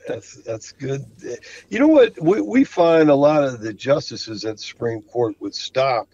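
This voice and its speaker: A man's voice: medium pitch, animated, unhurried, darkish tone, dry recording, dull audio. A man talking about his flooring work on a podcast, enthusiastic and full of stammered restarts. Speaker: flooring contractor guest. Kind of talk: casual podcast conversation.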